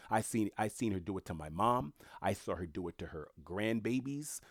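Low-voiced guy going off on a blunt rant, dry close sound, keeps repeating himself. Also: animated, moderate pace, hardly any pauses, no echo. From Haitian family. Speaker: commentator. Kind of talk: casual monologue commentary.

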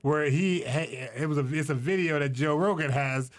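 A man co-hosting a podcast, chiming in with relaxed casual chat. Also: a little high, moderate pace. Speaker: podcast co-host.

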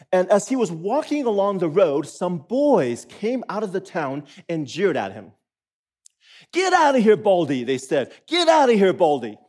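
Animated, husky-voiced male pastor preaching. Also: fairly high pitch. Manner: animated, acts out listeners' reactions with laughs. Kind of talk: sermon. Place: church auditorium.

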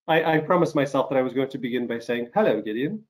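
A man hosting an interview show, recovering from an illness and coughing now and then, speaking haltingly with many fillers and restarts. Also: medium pitch. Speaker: talk show host. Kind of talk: casual interview chat.

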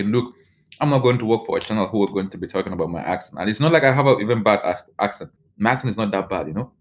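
A young man with a Nigerian accent, a journalist, recounting his experiences casually with lots of "like" and restarts. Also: sits low. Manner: loose, full of "like" and restarts. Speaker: journalist interviewee. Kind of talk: casual personal storytelling.

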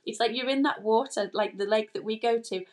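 A woman's voice: a little high, a little fast. A woman breath work instructor, a podcast guest, talking earnestly in loose, rambling sentences and voicing imagined inner thoughts. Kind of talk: casual interview chat.

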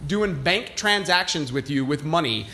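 A man's voice: a little high, animated, moderate pace, pushed and bright. A man hosting a podcast, telling a story in a casual, heated, profane way, full of "like". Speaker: podcast host.

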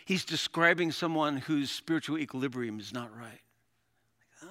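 A middle-aged male pastor preaching a sermon, animated, with dramatic readings and laughs. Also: a little high, normal speed.

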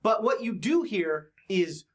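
A woman's voice: mid-range voice, expressive, measured pace. A woman running a tabletop game as game master, narrating the scene with a playful manner and bursts of sound words. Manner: playful, laughs through descriptions, adds sound words.

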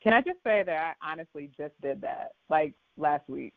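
A woman's voice: sits low, expressive, moderate pace, vocal fry. A woman chatting casually and eagerly agreeing with a laugh. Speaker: client receiving the reading. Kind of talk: casual chat. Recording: tinny noisy phone-like line.

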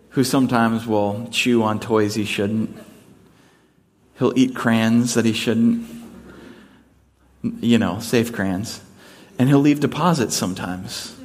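A man preaching a sermon in a casual, conversational way, mixing humor into it. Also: medium pitch. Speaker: pastor.

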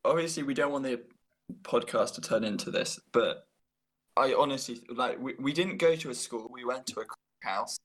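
A man's voice: medium pitch, moderate pace, fairly bright tone, breathy edge. A young man chatting playfully on a casual podcast about school days. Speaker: guest.

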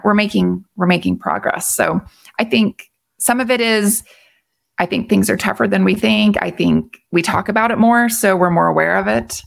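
A middle-aged woman talking as a guest in a relaxed, thoughtful conversation. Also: medium pitch, vocal fry. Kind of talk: casual conversation.

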